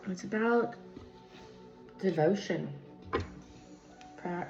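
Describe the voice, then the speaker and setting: This tarot reader has a lowish, slightly mellow voice and draws out her words. Her casual spiritual reading wanders and digresses, packed with fillers. It's captured on a phone in an echoey room, with dull lo-fi audio and a little music in the background.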